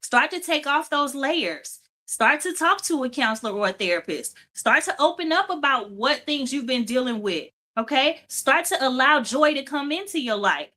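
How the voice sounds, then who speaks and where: A woman hosts a faith-based motivational talk show in a high, sharp voice with lively intonation at normal speed. She speaks emphatically, repeating phrases to drive her points home.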